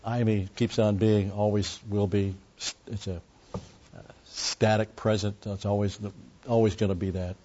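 A man's voice: fairly low pitch, level tone, unhurried, mellow, lo-fi sound. A man preaching an expository sermon in a conversational way, with frequent asides and restarts. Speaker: pastor.

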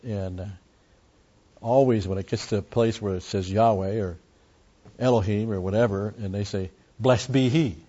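A man with a husky, lowish voice teaches through a passage as a pastor, talking casually and doubling back on himself. The recording is dull and lo-fi. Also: fairly even intonation, moderate pace, long pauses, warm tone. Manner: conversational, with frequent asides and restarts. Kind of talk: expository sermon.

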